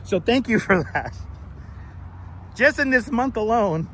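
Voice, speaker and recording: Male street live-streamer, high voice, loose and profane, clip-on mic outdoors. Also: expressive, a little slow, fairly bright tone, a little hiss or hum. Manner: loose, chatty, swears, laughs often. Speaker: live-stream host and tour guide. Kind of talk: casual live-stream chat. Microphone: wireless clip-on mic.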